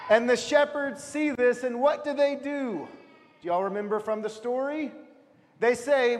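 In a church with long hall reverb, a man with a very high voice leads a children's Christmas nativity at a moderate pace, upbeat as he coaxes the kids along with stage cues.

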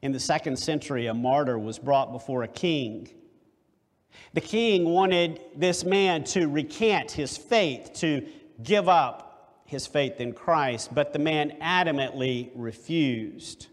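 A man preaching a sermon, deliberate and emphatic, with rhetorical questions. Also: on the high side. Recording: long hall reverb.

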